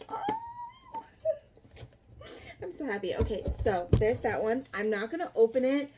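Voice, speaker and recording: Gushing excited woman unboxing books. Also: a little high, a little hiss or hum. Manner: gushing, breathless with excitement, repeats herself. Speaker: book vlogger.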